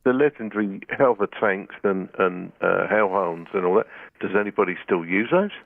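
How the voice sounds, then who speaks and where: A man's voice: low voice, lively intonation, moderate pace, creaky, dry recording. A man asking short questions over a voice chat call. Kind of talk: casual chat. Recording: tinny phone-like voice chat, dry.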